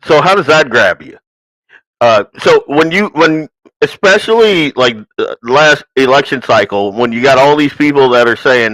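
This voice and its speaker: Sarcastic male host with an animated pitch. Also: normal speed, no echo, poor audio. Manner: ranting, sarcastic, mocking asides. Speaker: podcast host. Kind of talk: political commentary.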